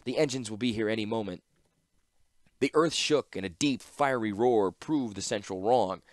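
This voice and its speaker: A man narrating a fantasy story in audiobook style, steady and measured. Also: on the low side, dry recording, studio quality.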